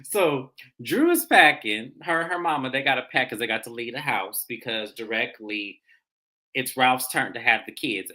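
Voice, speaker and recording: A woman hosting a casual TV recap, telling the scenes with lively, animated delivery. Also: rumbling low. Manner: animated storyteller, acts out the people she describes. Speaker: recap show host.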